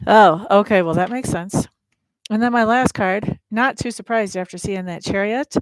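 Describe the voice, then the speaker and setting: A woman's voice: medium pitch, lively intonation, normal speed, dry recording. Blunt, chatty woman tarot reader. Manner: chatty, blunt and playful, talks straight to viewers. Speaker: tarot reader and livestream host. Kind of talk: casual live tarot reading chat.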